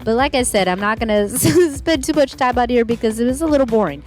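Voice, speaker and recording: A woman's voice: a little high, lively intonation, a little fast, darkish tone, soft background music. A woman giving a casual, rambling commentary as she reviews a show, full of hedging asides.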